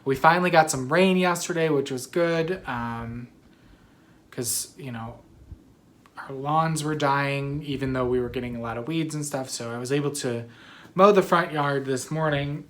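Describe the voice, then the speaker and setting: A woman's voice: very deep voice, moderate pace. A woman hosting a knitting video podcast in a casual, rambling way, sleepy and yawning, often apologizing. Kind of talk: casual chat.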